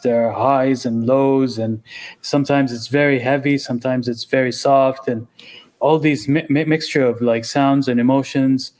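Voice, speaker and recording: A man's voice: mid-range voice, a little mellow. A man co-hosting a casual music podcast, speaking hesitantly with fillers as he describes albums. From Saudi Arabia. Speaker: podcast co-host.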